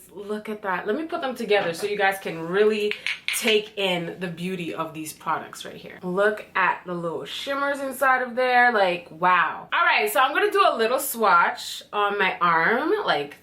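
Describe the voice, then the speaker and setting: Speaking at a medium pitch, a beauty vlogger, a young Canadian woman in her twenties, excitedly shares her first impressions of a beauty product, chatting away and dropping casual swears.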